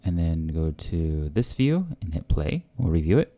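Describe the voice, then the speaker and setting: Low-voiced man musing hesitantly. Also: big pitch swings, a little slow, dark tone. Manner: hesitant, full of fillers and guesses. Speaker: language learner hosting a video series. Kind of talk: casual thinking-aloud commentary.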